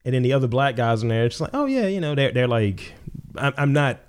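A man's voice: mid-range voice, fairly even intonation, brisk, a little hiss or hum. A young adult man co-hosting a podcast, telling stories in blunt, profane casual chat. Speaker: podcast co-host.

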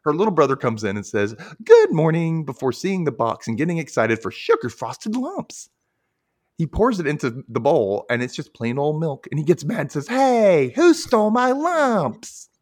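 A man casually recapping a cartoon on a podcast, animated, laughing often and acting out quotes. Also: medium pitch, fairly quick, slightly rough, dry recording, studio quality. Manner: animated retelling, frequent laughter, acts out quotes.

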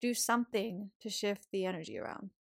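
A woman's voice: mid-range voice, brisk, gravelly. Swearing, upbeat woman podcaster. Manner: swears often, laughs, animated and encouraging. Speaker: podcast host. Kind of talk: casual motivational monologue.

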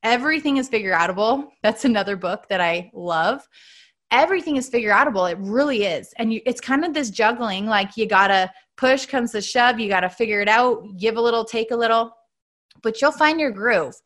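Chatty woman podcast host, higher voice. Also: normal speed, a bit bright. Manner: chatty, earnest, laughs often, says "like" a lot. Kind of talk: casual motivational monologue.

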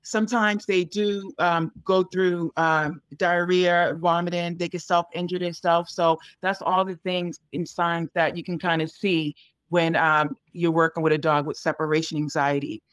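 A woman's voice: fairly low pitch, little pitch movement, unhurried, smooth, no echo. A woman dog trainer giving casual advice in a conversation, explaining in a chatty way full of fillers like um and you know.

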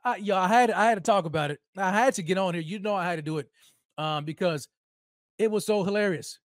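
A man's voice: sits high, quick pace, no echo, studio quality. A man hosting a solo sports podcast, mocking and heated, hammering points by repeating himself. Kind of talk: solo sports commentary rant.

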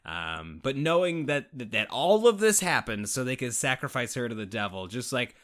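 Man from Canada, podcast co-host, expressive rising and falling delivery, casual and profane. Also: mid-range voice, normal speed. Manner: animated, swearing, laughing, talks in bursts with restarts. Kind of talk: casual chat.

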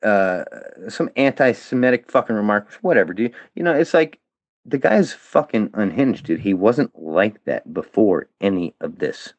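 A man in a full-blown angry rant, swearing constantly and hurling challenges at the people he blames, his pitch swinging widely from lows to sharp highs. The sound is dry and dull, like a muffled lo-fi recording. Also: animated, normal speed, no echo. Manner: heated, profane, confrontational. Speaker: guest, former fan of a comedian. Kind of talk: angry monologue addressed at critics.

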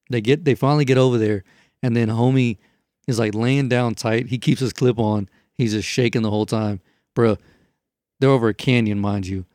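A man's voice: mid-range voice, fairly quick, no echo, studio quality. A man telling a story in casual chat, rambling and profane, with lots of fillers. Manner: rambling, profane, animated retelling with many fillers.

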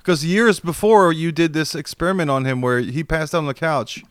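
Man with a smooth voice telling a story. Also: on the high side, normal speed, no room sound. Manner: animated storyteller, acts out quoted voices, swears freely. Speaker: podcast guest. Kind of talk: casual storytelling chat. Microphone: video call.

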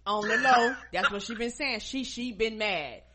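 A woman's voice: fairly high pitch, moderate pace, over a noisy crowd. A woman co-hosting a podcast, chatting loosely about a TV episode with slangy reactions. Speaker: podcast co-host. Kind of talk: casual TV recap chat.

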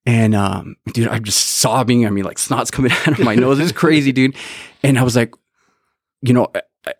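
A man's voice: medium pitch, no echo, studio quality. A man around forty telling his faith testimony in casual chat, earnest and full of "dude" and "like". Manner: earnest, says "dude" constantly.

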